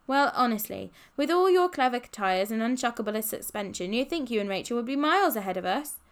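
A woman's voice: fairly high pitch, animated, clear, resonant tone. A woman voicing a bossy, old-fashioned posh schoolboy in an audiobook. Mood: brisk. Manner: clipped, brisk, scornful.

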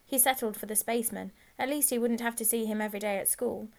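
A woman narrating a children's audiobook in a clear, measured reading. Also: on the high side, steady tone, darkish tone. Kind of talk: scripted storybook narration.

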